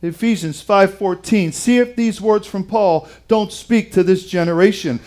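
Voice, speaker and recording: Man, preacher, sermon, high voice, slow deliberate pace, dramatic emphatic delivery. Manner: dramatic, emphatic delivery with wide swings in loudness.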